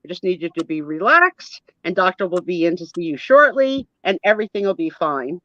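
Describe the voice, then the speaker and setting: A woman voicing a stern, blunt female nurse who speaks briskly and scolds. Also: fairly low pitch, big pitch swings, sharp tone, dry recording. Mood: soothing. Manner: brisk, scolding, matter-of-fact. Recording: dull lo-fi dry sound.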